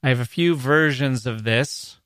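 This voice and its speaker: A man hosting a podcast about poetry, talking in an animated way and acting out rhythms with nonsense syllables. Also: medium pitch, measured pace, smooth, no room sound. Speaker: podcast host.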